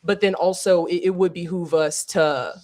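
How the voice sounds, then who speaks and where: A woman's voice: fairly low pitch, fairly even intonation, normal speed, darkish tone. A woman on a podcast panel, reasoning through her view thoughtfully and swearing casually.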